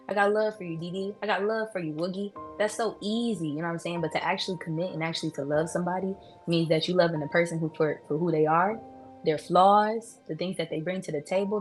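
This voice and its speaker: A woman making her case in a casual debate, assertive and pointed, pressing with questions. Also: on the low side. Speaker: debate contestant.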